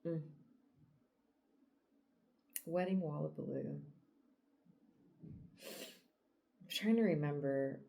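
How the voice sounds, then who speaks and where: A woman hosting a book podcast retells a comic's plot in an animated, storytelling way, laughing often. Her voice sits low and she takes her time. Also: very slow, gravelly, pauses often. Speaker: podcast host.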